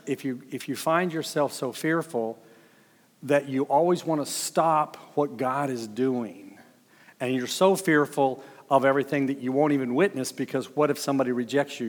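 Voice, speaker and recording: A man's voice: mid-range voice, big-room sound. A man preaching as a pastor, telling stories with chuckles and acting out what people said. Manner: storytelling, chuckling, acts out quotes. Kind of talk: sermon with personal stories.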